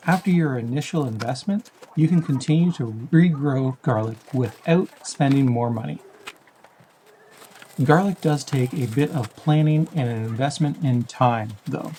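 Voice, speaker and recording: A man hosting a backyard farming channel, reading a scripted voice-over in a measured, explanatory tone. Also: mid-range voice, dark tone, a little hiss or hum, poor audio. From Canada.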